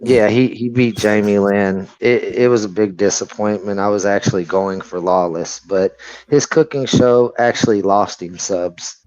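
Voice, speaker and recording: A man's voice: on the low side, fairly even intonation, normal speed, a little mellow, highs cut off. A man on a livestream panel, teasing and offhand in casual, profane banter.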